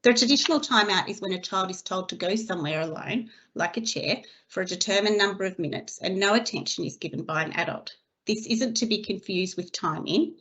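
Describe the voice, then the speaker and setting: A woman giving a scripted training webinar for early childhood educators, reading her slides in a steady, measured way. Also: mid-range voice. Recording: slightly dull lo-fi recording.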